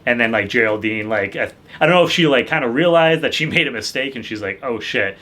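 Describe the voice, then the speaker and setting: A man's voice: mid-range voice, animated, fast, pushed and bright. A young man hosting his channel, talking through a TV episode in a loose, rambling way, packed with "like" and "you know" fillers. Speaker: channel host reviewing a TV episode. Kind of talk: casual review chat.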